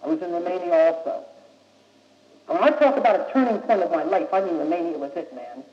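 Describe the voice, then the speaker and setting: A man's voice: high-pitched, animated, fast talker. A young man from the United States giving an impassioned, blunt, streetwise speech to a young audience, pressing his points insistently. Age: young adult. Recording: old muffled recording in an echoey room.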